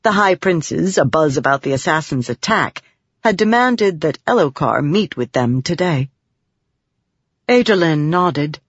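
A woman narrating an audiobook in an expressive storytelling manner, recorded dry and slightly muffled. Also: low-pitched, measured pace, husky, dry recording. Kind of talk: scripted narration.

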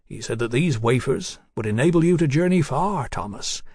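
A man playing a gruff, hearty explorer of middle years, speaking up with booming good cheer. The voice sits close and dry, with no room around it. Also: lively intonation, normal speed, a little mellow, no room sound.

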